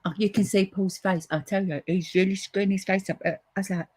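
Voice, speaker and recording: A woman's voice: mid-range voice, fairly even intonation, a little fast, noisy background. A woman chatting casually to her viewers while she demonstrates colouring for a papercraft class. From United Kingdom. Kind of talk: casual live craft demonstration.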